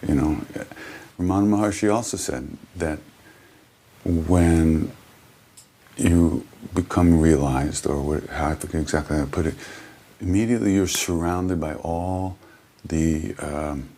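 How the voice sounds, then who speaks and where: Deep, gravelly man telling a spiritual story. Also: dark tone. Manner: halting, with frequent restarts; earnest storyteller. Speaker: interviewee, spiritual musician. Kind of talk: reflective interview storytelling. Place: small hotel.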